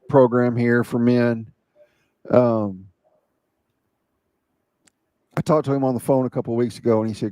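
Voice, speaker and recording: A man's voice: medium pitch, warm tone, no echo. Brief: male host, casual podcast chat, dry close sound. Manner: casual, says "bro" and "dude", affirming interjections.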